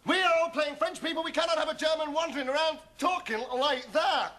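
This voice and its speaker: Flustered young doctor, high lively voice, lots of ums, noisy old sitcom audio. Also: male voice, a little fast. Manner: hesitant, stammering, full of ums. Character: flustered young male doctor, easily rattled. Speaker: young doctor organising a radio show. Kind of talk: 1970s television sitcom acting.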